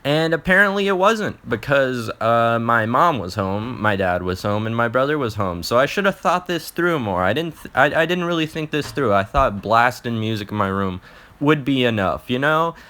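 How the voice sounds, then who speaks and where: A man's voice: mid-range voice, animated, normal speed, sharp tone. A young man telling an embarrassing personal story in a casual, profane vlog, often restarting his sentences.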